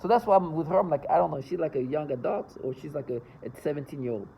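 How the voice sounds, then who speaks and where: Gravelly, agitated man rambling on. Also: on the high side, fast talker, warm tone, slight background noise, poor audio. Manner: agitated, rambling, many restarts and stumbles. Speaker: vlogger. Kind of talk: casual rambling monologue to camera.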